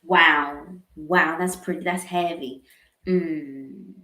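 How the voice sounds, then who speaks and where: A woman giving a live tarot reading in a slow, earnest, halting way, with sighs and repeated words. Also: deep voice, fairly even intonation, sharp tone. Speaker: tarot reader. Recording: echoey room.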